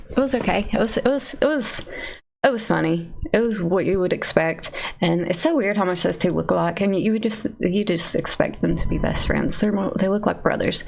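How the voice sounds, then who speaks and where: A woman's voice: lowish voice, vocal fry. A woman with an Eastern Kentucky accent, rambling casually and self-deprecatingly as a livestreamer chatting to her viewers at her computer. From Eastern Kentucky, USA. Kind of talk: casual chat to a live chat.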